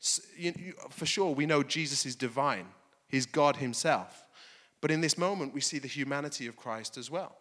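A man's voice: mid-range voice, moderate pace, fairly bright tone. A pastor preaching a conversational sermon, often checking in with "okay?" as he talks. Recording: long hall reverb.

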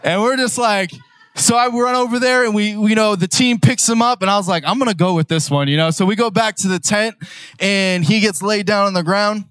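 A young man with a high voice and clean tone preaches a sermon a little fast. He tells a personal story in a casual, conversational way, building up to loud, emphatic declarations.

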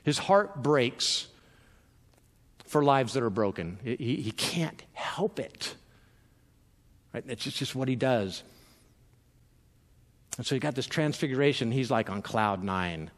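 A man's voice: medium pitch, animated, measured pace, pauses often, in a large hall. A man preaching a sermon in a loose, conversational way, with many fillers and repeated words as he restarts his sentences. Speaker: pastor.

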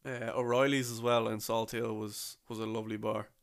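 A man's voice: fairly low pitch, little pitch movement, normal speed, vocal fry. A young man telling a rambling, casual story about a trip, full of slang and restarts.

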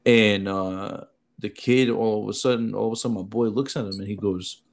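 A man who works as a military recruiter, telling an animated story in casual chat and acting out the people he quotes. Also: lowish voice, fairly quick, creaky.

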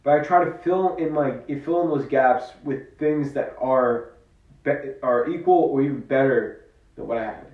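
A man's voice: mid-range voice, moderate pace. Earnest man vlogging from a distance. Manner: earnest, reflective, self-coaching. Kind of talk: personal motivational monologue. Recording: roomy, distant, dull-sounding.

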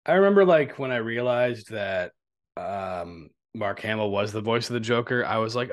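A man co-hosting a podcast in casual chat, telling stories in a loose, profane, animated way. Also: on the low side, normal speed. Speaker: podcast co-host.

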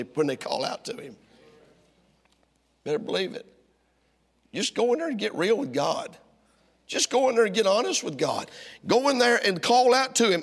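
A middle-aged male pastor preaching a sermon, swinging from loud, driving lines to hushed ones. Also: high voice, very animated, normal speed. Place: church sanctuary. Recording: long church reverb.

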